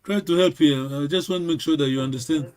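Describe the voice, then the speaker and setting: A man with a notably high voice leads an informal language class. He talks in a halting way, repeats himself and stops often to check that his students follow. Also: a little mellow. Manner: halting, repeats words, keeps checking with "yes?". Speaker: language teacher.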